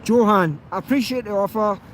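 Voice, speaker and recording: A Scottish man with a softened accent, a YouTube auditor, chats casually on a live stream while answering viewers, rambling with plenty of fillers and restarts. His voice sits high and moves briskly, over a little hiss or hum.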